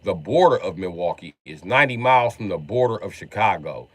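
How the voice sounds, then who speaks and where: A man from Illinois ranting on a livestream in a profane, exasperated, comedic way, acting out quick mock quotes. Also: low-pitched, lively intonation, no room sound.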